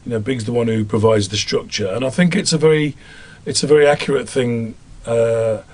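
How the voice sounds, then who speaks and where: A man's voice: mid-range voice, brisk. A man with a Black Country accent from the English Midlands, a voice actor chatting about his work in an interview and often laughing at himself. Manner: chatty and self-amused, laughs easily. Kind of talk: interview answers.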